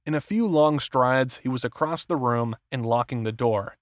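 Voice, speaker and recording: Male narrator, measured thriller reading, medium pitch, dead-dry recording. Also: dry recording. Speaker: audiobook narrator. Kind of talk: scripted narration.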